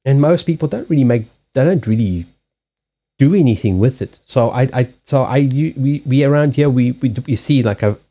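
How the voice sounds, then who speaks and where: Animated man with a Southern African accent. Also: mid-range voice, moderate pace, muffled recording. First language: Portuguese. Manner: animated, swears freely, laughs often. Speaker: card reader and livestream host. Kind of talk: casual livestream chat. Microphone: USB headset mic.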